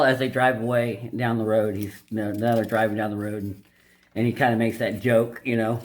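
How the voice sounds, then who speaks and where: A man's voice: on the low side, little pitch movement, fairly quick. A man hosting a video, summarizing a dating-advice book in casual, unscripted commentary. He is blunt and opinionated, and he rambles with lots of fillers and restarts.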